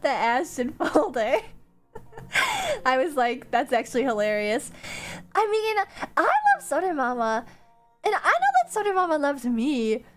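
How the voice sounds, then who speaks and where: A young woman chatting casually on a stream, animated and laughing, with swooping pitch and lots of fillers. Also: a little slow. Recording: faint music behind.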